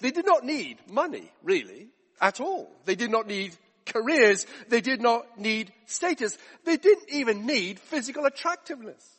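A man's voice: very high-pitched, sing-song, moderate pace, fairly bright tone, husky, in a large hall. A man preaching a sermon, emphatic with rhetorical questions and repetition.

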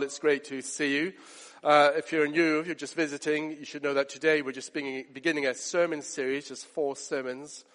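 A man's voice: mid-range voice, fairly bright tone. A man preaching a sermon to his congregation in an earnest way, repeating phrases for emphasis. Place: church. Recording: long church reverb.

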